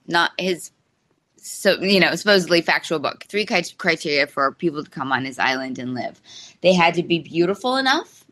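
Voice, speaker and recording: A woman author speaking as a podcast guest, telling a story in a lively, amused way in casual conversation. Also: on the low side. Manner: animated storytelling, amused by the anecdote. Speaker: novelist guest. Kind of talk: casual podcast interview chat.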